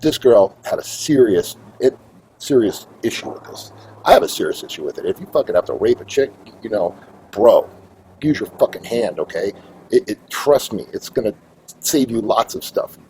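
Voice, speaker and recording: A middle-aged man hosting his own show, telling a long story in a rambling, profane, animated way. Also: lowish voice, normal speed, a little hiss or hum, rough recording. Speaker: host. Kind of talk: casual storytelling monologue.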